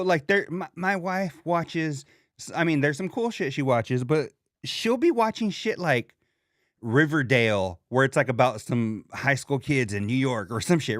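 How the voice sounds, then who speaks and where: A man's voice: on the high side, fairly bright tone, no echo, clean studio sound. A man hosting a casual podcast chat in slangy talk, often acting out the lines he quotes. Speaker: podcast host.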